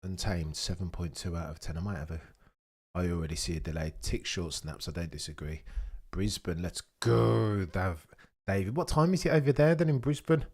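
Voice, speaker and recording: A British man hosting a live race watchalong, chatting with viewers in a cheeky way and swinging between loud excited bursts and low mutters. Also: normal speed. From United Kingdom. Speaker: livestream host.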